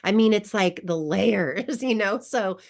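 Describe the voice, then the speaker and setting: A woman's voice: mid-range voice, measured pace, vocal fry. A woman guest coach who tells a personal story in an online wellness class, emotional and laughing often. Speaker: grief recovery guest coach.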